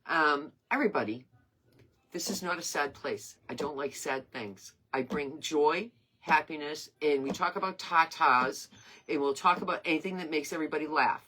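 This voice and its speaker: A woman's voice: low-pitched, moderate pace, fairly bright tone, slightly rough. A woman in her sixties hosting her craft page live, chatting in a rambling, earnest and emotional way. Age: 60s. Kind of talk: casual live-stream chat.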